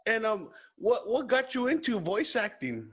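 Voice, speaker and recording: A man's voice: sits high, very animated, measured pace, a bit bright, slightly rough. A man hosting a casual interview podcast, enthusiastic and complimentary toward his guest. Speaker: podcast host.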